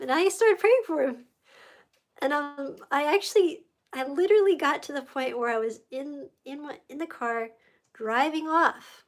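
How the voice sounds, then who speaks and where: Woman on a livestream, kinda high voice, rambly and emotional, keeps getting sidetracked. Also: moderate pace. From United States. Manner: rambling, easily distracted, emotional storytelling. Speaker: livestream host. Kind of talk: casual faith testimony livestream.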